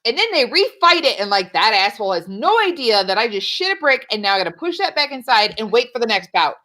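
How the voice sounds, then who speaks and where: A woman in casual chat, telling animated stories, acting out quoted lines, swearing and laughing often. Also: a little high, quick pace. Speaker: podcast guest.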